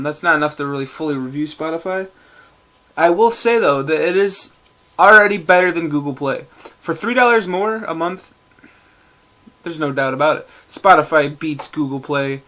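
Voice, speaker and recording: A man's voice: a little high, fairly bright tone. A man rambling casually to camera at home in a loose, profane vlog, full of fillers and restarts. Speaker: vlogger. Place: at home indoors.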